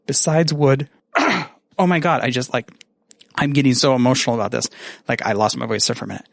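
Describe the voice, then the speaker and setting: A man with a gravelly, creaky voice at an ordinary pitch, talking casually and rambling, mocking himself and swearing freely. The sound is dry and close. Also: animated, fast talker, no room sound. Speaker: podcaster sending a message. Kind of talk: casual recorded message.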